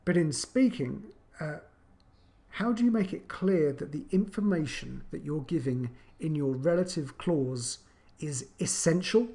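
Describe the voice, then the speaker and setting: A man teaching an online English grammar lesson, chatty, with many fillers and restarts, acting out intonation as he explains. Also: unhurried. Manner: acts out intonation with animated pitch.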